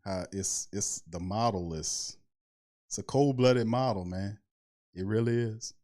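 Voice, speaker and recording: A man's voice: lowish voice, unhurried, darkish tone. A man hosting a late-night live sports stream, ranting bluntly in slang and laughing often. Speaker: sports podcast host.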